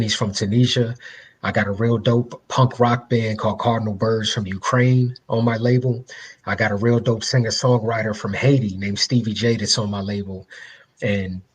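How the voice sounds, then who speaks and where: A man's voice: mid-range voice, a little hiss or hum. A man speaking as a guest musician in a casual interview, upbeat and slangy as he promotes his work.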